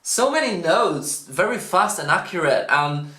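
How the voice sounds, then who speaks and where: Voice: medium pitch, very animated, unhurried, sharp tone. A vocal coach giving casual, enthusiastic reaction commentary, often breaking into exclamations. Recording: roomy echo, faint music behind.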